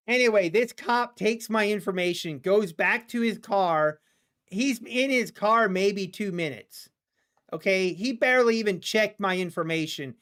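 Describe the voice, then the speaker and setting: A man's voice: sits high, a bit bright, clean tone. An American man streaming live, telling a long story in a loose, rambling way, with many restarts and asides to his chat. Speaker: day-trading livestreamer. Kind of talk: casual storytelling on a livestream.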